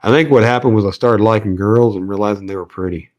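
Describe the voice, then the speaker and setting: Here the Southern fishing-channel host talks fast in a lowish voice, and the recording sounds lo-fi. He's casually rigging lines while rambling, often restarting sentences, dropping fillers, and making jokes at his own expense.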